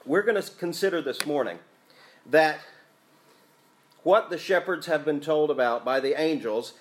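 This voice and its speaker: A man's voice: on the high side, unhurried, slight background noise. A man preaching a sermon as pastor, speaking in a conversational, thoughtful way with occasional fillers.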